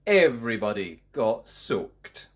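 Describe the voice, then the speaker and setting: A woman reading a children's storybook aloud with slow, expressive, sing-song delivery. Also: a bass voice, breathy edge. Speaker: story reader.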